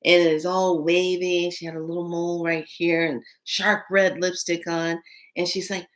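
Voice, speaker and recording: A woman telling a spiritual story in casual, animated speech with many fillers, acting out quoted voices. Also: on the low side, normal speed.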